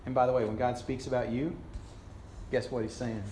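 A male pastor preaching a sermon emphatically, swinging between raised lines and hushed ones. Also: medium pitch, level tone, brisk, echoey room, a little hiss or hum.

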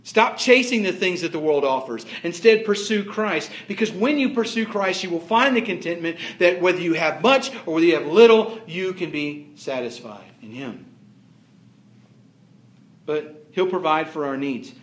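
High-voiced man preaching in an echoey room. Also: lively intonation, moderate pace. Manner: emphatic, repetitive preaching with rising and falling force. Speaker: pastor. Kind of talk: sermon.

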